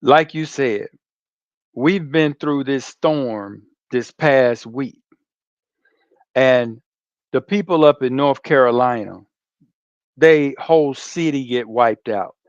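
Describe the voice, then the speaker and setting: A man calling into a talk show, asking slow and emphatic questions. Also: medium pitch, no echo, highs cut off.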